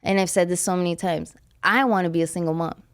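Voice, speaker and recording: A woman's voice: lowish voice, fairly even intonation, fast, clean tone. A young adult woman hosting a podcast, telling a personal story in a blunt, profane, emotional confessional way. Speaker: podcast host. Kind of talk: casual podcast chat.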